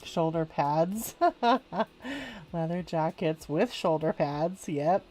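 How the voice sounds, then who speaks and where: A woman's voice: low-pitched, slow, warm tone, slight background noise. A woman, chatting casually on a live stream while she draws. She rambles, laughs often and keeps saying "like". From California, USA. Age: 40s. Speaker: artist streaming a live coloring session.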